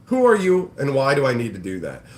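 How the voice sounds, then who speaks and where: A man's voice: mid-range voice, huge pitch swings, fairly quick, darkish tone. A man ranting on a casual livestream, sarcastic and profane, mocking people in put-on voices. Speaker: livestream host. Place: home kitchen, cooking bacon.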